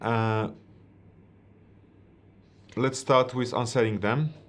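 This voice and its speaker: A man with a Polish accent co-hosting a tax webinar in English, measured and formal, with frequent fillers. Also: medium pitch, steady tone. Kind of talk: webinar presentation.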